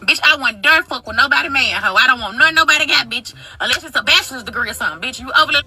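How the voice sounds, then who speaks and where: A woman in her twenties telling a casual storytime, profane, dramatic and animated. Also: sits high, racing, low-quality recording. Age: 20s.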